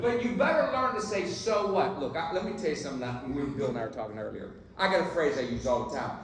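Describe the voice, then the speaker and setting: A man giving an inspirational keynote speech at a banquet, punchy and preachy, joking with the crowd and urging them on. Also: high-pitched. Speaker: keynote speaker. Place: banquet hall. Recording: very echoey hall, distant mic.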